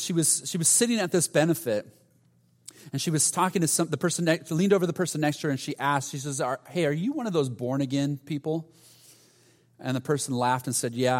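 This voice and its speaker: A man preaches a sermon in earnest tones, his voice sitting a little above average pitch. He restarts phrases often and sinks into quiet, tender passages. The sound carries a long reverberant tail from a large church sanctuary. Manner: earnest, with frequent restarts and soft drops in volume. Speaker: pastor. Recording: reverberant hall.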